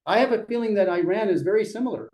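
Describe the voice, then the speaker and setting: A middle-aged man leading a real estate team meeting, talking in a lively, joking way and acting out what clients say. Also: high voice, fast talker, rough recording. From Dutch family. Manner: lively, jokey, acts out clients' voices. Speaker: brokerage leader running a team meeting. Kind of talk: motivational meeting talk.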